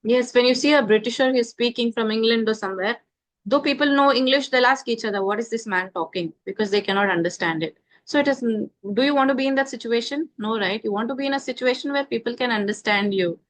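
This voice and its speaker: A woman in her thirties from India with an Indian accent, a confident and measured guest giving her views in a casual conversation about speaking English. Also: on the high side. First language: Indian mother tongue.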